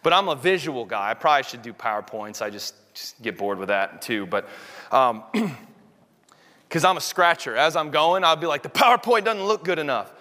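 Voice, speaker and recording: A man preaching a sermon in a small church room, intense and animated, acting out quotes as he goes. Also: medium pitch, normal speed. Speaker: pastor. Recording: long hall reverb.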